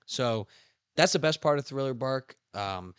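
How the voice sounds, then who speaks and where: A young man hosting a casual podcast, excitedly retelling anime scenes with slang and acting out character lines. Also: mid-range voice, measured pace, clean tone, dry recording. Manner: animated storytelling with slang, acts out character lines. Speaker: podcast host.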